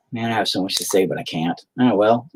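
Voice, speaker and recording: A middle-aged man rambles to his livestream chat in a frank, confessional way, swearing at nearly every turn. His pitch swings up and down a lot as he talks, with a faint hiss of noise behind him. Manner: rambling, heavily profane, frank. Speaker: musician streaming to chat. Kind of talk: casual confessional livestream monologue.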